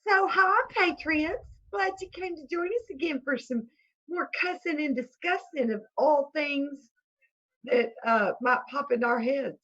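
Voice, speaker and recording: A woman's voice: high voice, measured pace, a bit bright, dull audio. A woman with a Texas accent co-hosting a livestream chat, teasing and folksy. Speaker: co-host. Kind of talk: casual livestream banter.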